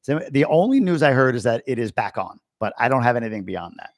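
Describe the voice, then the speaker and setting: A man's voice: mid-range voice, very animated, fast talker, dry recording, studio quality. An American man from Long Island hosting a casual live-stream, reading out viewer comments and answering them in a blunt, opinionated way. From Long Island, New York, USA. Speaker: host answering viewer questions.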